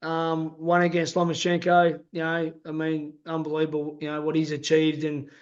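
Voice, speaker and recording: An Australian man with a notably high voice hosts a casual interview, chatty and often chiming in with agreement. The sound is muffled and lo-fi. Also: monotone, normal speed. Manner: affirms often with yeah and wow, chatty. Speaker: interview host, former boxer.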